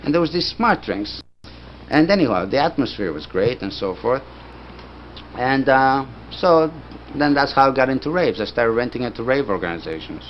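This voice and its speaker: A man's voice: medium pitch, animated, moderate pace. Older man, casual anecdotal storyteller, acts out both sides of old conversations, muffled lo-fi take with faint noise. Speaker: filmmaker recounting his career. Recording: dull lo-fi recording with faint background noise.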